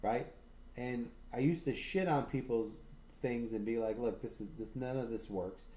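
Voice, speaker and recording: Speaking at a medium pitch and moderate pace with a warm tone, this livestream host rambles casually, cursing often. His enthusiastic, boastful stories are peppered with fillers and false starts.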